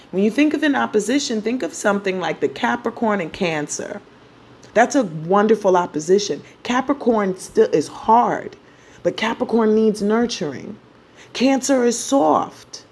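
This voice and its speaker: A woman's voice: mid-range voice, darkish tone, husky. A woman astrologer teaching in a casual, chatty, playful way and explaining step by step.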